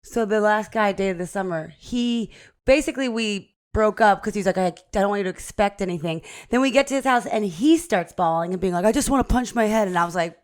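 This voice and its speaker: A woman's voice: mid-range voice, fairly quick, smooth. A woman in her thirties, a comedian guesting on a podcast, talking candidly and mocking herself, laughing often. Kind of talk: casual podcast chat.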